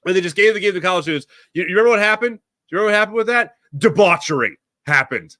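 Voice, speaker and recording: A man hosting a solo sports talk show, ranting in an animated way and putting on voices for the people he quotes. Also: high-pitched, racing, dry recording, studio quality. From Philadelphia area.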